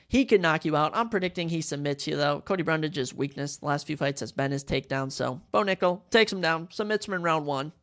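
A man's voice: fairly high pitch, gravelly, fairly bright tone. A young man hosting a sports podcast, breaking down fights with hype and repeating lines for emphasis. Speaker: podcast host.

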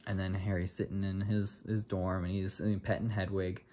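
A man's voice: deep voice, flat delivery, normal speed, warm tone. A man casually retelling a film from memory in a jokey, self-correcting way. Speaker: vlogger.

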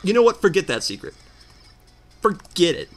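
A man doing casual gameplay commentary, telling a story as an animated, exasperated rant. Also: sits high, normal speed. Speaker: let's player.

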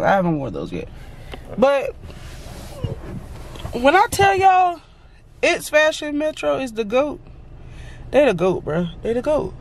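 Holding the phone out at arm's length, a woman who works as a lash technician and vlogger rambles through a casual selfie vlog about her day, frequently exasperated and chatty. She speaks on the high side, with a little hiss or hum in the recording.

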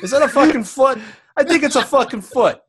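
A man's voice: extremely high pitch, brisk, fairly bright tone. A man putting on a stereotypical Italian accent to comically dub a crude, brash middle-aged tough guy in a movie. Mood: brash, rowdy. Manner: profane, brash, laughing through lines.

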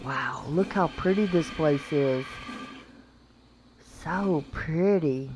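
A woman's voice: sits low, slow, a little mellow, slight background noise. A woman giving casual, chatty gameplay commentary, talking to the creatures on screen and laughing often. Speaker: gaming channel host.

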